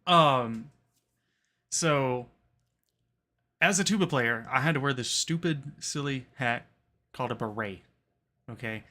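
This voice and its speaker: A young man with a bright voice co-hosts a livestreamed podcast. He talks in a laid-back way, full of fillers, and swears freely. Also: medium pitch. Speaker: podcast co-host. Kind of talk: casual chat, livestream.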